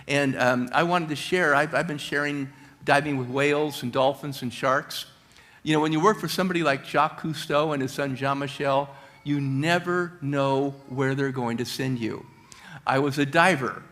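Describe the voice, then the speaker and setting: A middle-aged man giving a motivational talk at a church, telling stories with high energy. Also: a bit bright. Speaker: guest speaker.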